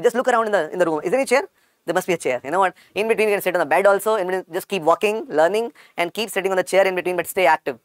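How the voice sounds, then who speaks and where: A man with an Indian accent and a croaky voice, teaching an online medical lecture and repeating key points to his students. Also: sits high, no room sound, clean studio sound. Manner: repetitive, calls students "beta".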